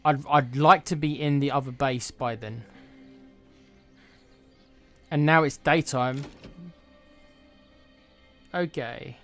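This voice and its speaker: A man casually commenting on a video game as he plays, relaxed and blunt, muttering to himself. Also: medium pitch, takes it slowly, pauses often, faint music behind. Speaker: gaming streamer.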